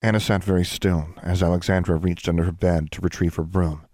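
A man narrating a fantasy story in an even, measured reading voice. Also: deep voice, no room sound, studio quality. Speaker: audiobook narrator. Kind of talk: scripted narration.

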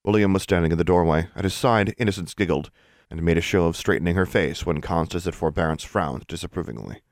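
A man narrating an audiobook in a steady, measured reading voice. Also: sits low, no room sound, studio quality.

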